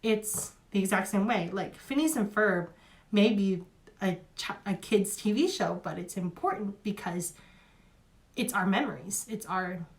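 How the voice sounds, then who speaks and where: A woman's voice: medium pitch, measured pace. A young woman giving a casual spoken review, chatty and emotional, with many fillers and restarts.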